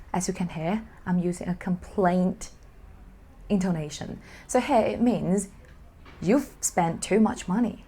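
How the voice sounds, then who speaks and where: A woman teaching an online language lesson, explaining clearly and dropping to a whisper for asides. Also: on the low side, measured pace, long pauses, dark tone.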